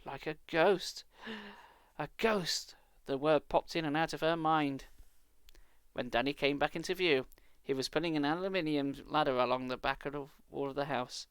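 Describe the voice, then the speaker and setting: A man's voice: a little high, steady tone, a little fast, fairly bright tone, clean tone, no echo. A British man reading a children's book aloud live, with dry, sarcastic asides. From Britain.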